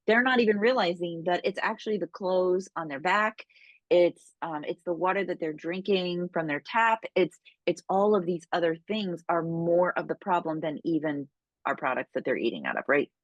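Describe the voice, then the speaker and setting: A woman's voice: on the low side, lively intonation, moderate pace, no room sound, muffled recording. A woman casually coaching her sales team, chatty and full of "right?" tags. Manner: chatty, keeps tagging lines with "right?". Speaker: direct sales trainer.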